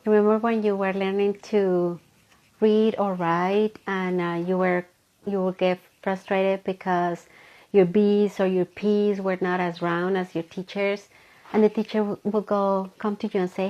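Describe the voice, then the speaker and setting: A woman's voice: medium pitch, fairly even intonation, measured pace, darkish tone, lo-fi sound. A woman giving a live motivational talk from her home office, earnest and full of rhetorical questions to the listener. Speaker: motivational speaker.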